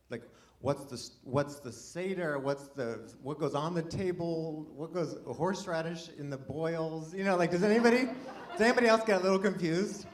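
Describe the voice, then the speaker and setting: A man performing a live stand-up comedy set, chatty and self-deprecating, with playful asides to the audience. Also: fairly high pitch.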